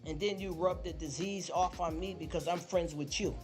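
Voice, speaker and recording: A man with a slightly high voice lectures his livestream viewers in a loose, preachy rant. He circles back on his points and keeps firing rhetorical questions at them. Music plays steadily under his voice. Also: steady tone, moderate pace. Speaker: livestream host. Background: background music.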